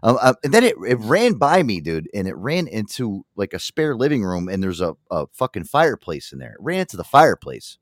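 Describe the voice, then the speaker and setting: A man hosting a live show from his home studio, telling a long story in a profane, animated way. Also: on the low side, a little fast, few pauses, no room sound. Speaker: radio show host. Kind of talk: casual live radio banter.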